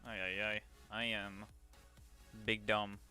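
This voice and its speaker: A man's voice: on the low side, flat delivery, takes it slowly, pushed and bright, smooth, faint music behind. A man casually chatting to viewers while working on a 3D model commission, joking at his own expense. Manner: chatty, self-deprecating, talks to himself while working. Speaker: streamer doing 3D modeling commissions. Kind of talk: casual livestream commentary.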